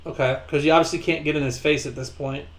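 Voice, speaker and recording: A man's voice: a little high, fast talker. Joking, easygoing male game master. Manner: relaxed, joking, guides players through rules. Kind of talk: running a tabletop game.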